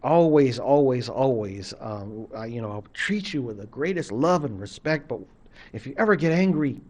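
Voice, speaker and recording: A man telling a story and speaking as a mysterious enchanted husband, low and hushed, earnestly asking his wife never to turn away in anger. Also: expressive, moderate pace, natural voice. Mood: pleading.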